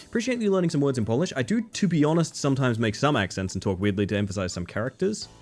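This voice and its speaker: A man's voice: medium pitch, animated, fast talker, a little mellow, soft background music. A man streaming a game, chatting candidly with viewers, swearing and restarting as he thinks aloud. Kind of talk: casual live-stream chat.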